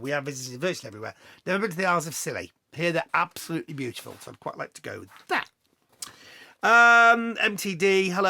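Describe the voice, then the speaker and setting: A man's voice: on the high side, gravelly, pushed and bright, no room sound. A middle-aged man chatting casually as he answers viewer questions, telling anecdotes with self-deprecating humor. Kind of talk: casual Q&A chat.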